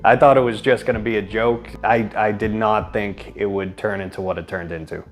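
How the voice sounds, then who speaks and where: A man's voice: lowish voice, fairly even intonation, moderate pace. A man in a comedic mock-documentary interview, recounting events in a matter-of-fact, slightly hesitant way. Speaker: league member. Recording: music playing behind. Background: music.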